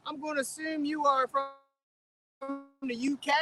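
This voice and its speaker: On a live fishing stream from his boat on a river at dusk, a middle-aged or older man with a Philadelphia accent reads the chat and greets viewers by name. He's laid-back and chuckles as he goes. His voice is very high, bright and pushed, at a normal speed.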